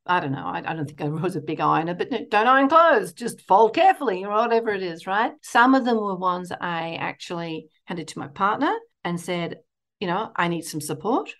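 A middle-aged woman, a counsellor and guest telling a personal story in an animated way, often laughing. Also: fairly low pitch, a little fast. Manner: animated, laughing storyteller, acting out inner voices. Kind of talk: storytelling interview chat.

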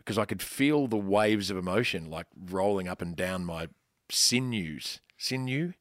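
Co-host, man, lower voice, rambling and emotive, dry studio mic. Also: unhurried, dry recording. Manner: expressive, rambling, self-mocking. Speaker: podcast co-host. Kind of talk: casual chat.

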